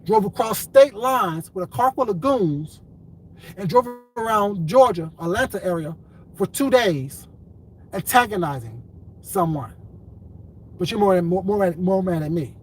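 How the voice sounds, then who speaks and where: High-pitched man ranting into the camera. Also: lively intonation, unhurried, a little hiss or hum, rough recording. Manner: profane, repetitive, confrontational. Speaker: commentary vlogger. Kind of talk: ranting commentary vlog.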